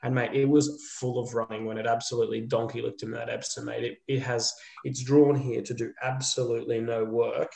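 A man's voice: medium pitch, a little fast, gravelly, hardly any pauses. Rambling Australian man in an echoey room. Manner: rambling, animated when he is emphatic. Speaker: co-host giving racing tips. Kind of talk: casual chat.

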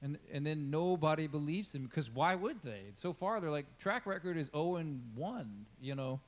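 A man's voice: fairly high pitch, lively intonation, moderate pace. A man preaching a casual sermon, talking in a chatty way and acting out quotes with asides to his congregation. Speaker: pastor. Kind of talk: conversational sermon.

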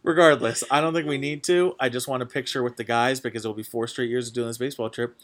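Young male host, mid-pitched, rambling and excitable, heavy on filler words. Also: fast. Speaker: podcast host. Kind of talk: casual chat.

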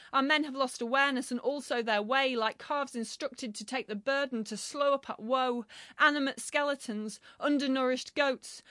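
A woman gives a measured, solemn poetry reading in a high, clear register. The recording is close and dry, with no room echo. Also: fairly bright tone.

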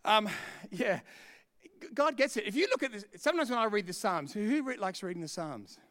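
A man with a high, bright and crisp voice preaches to his church. He mixes in jokes and funny stories and laughs often. The tone stays clear and lively the whole way through. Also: a little fast, big-room sound. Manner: humorous storytelling, laughing often. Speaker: pastor. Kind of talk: sermon.

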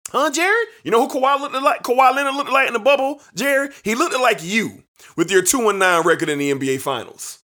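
A man's voice: very high-pitched, animated, brisk, pushed and bright. A man hosting a sports podcast, ranting emphatically and repeating names for effect, with features. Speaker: podcast host. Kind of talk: animated sports talk rant.

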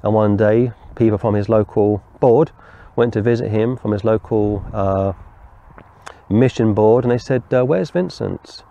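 A man preaching a verse-by-verse sermon, explaining scripture deliberately and wandering into stories. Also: lowish voice, little pitch movement, dark tone, dull audio. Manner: deliberate, explanatory, digresses into storytelling. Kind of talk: verse-by-verse Bible teaching.

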